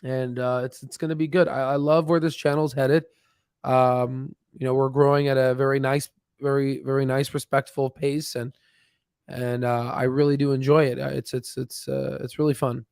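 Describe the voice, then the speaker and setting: A man's voice: mid-range voice, flat delivery, normal speed, vocal fry, darkish tone, clean tone, no echo, studio quality. A tired man hosting a casual livestream about stocks, rambling with lots of restarts. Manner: rambling, many restarts and fillers. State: tired, yawning. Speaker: stock channel host.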